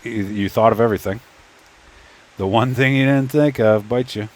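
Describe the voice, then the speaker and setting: This man's voice has medium pitch, a darkish tone and normal speed. A 3D printing YouTuber, he mutters to himself while tinkering with a printer, casually telling a story in fits and starts, recorded on a phone.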